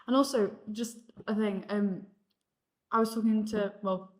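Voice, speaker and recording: A woman's voice: medium pitch, steady tone, a little slow. A young woman from the South of England, a guest in a casual discussion, talking hesitantly with many fillers.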